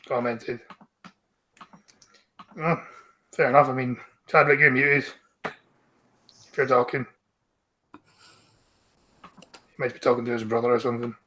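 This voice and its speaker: A Scottish man with a bright, forward voice, chatting casually on a group stream. He reads news out loud and answers his friends with wry, dry humour. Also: mid-range voice, steady tone, takes it slowly, long pauses. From Scotland. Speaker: streamer host.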